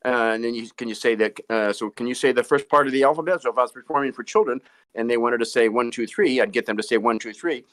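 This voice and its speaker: A man being interviewed as a ventriloquist, talking in a halting way with many repeated words and restarts. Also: medium pitch, fairly bright tone. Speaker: ventriloquist guest. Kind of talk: casual interview chat.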